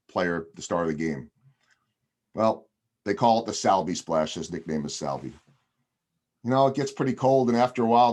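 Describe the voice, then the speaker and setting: A man's voice: low voice, darkish tone. A man, a television broadcaster, telling a long story on a video podcast over a video call, chatty with frequent ums and restarts.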